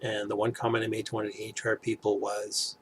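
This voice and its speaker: A middle-aged man vlogging in a rambling, halting, casual way with many fillers. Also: fairly low pitch, monotone, slight background noise. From Toronto area, Canada. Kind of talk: casual chat to camera.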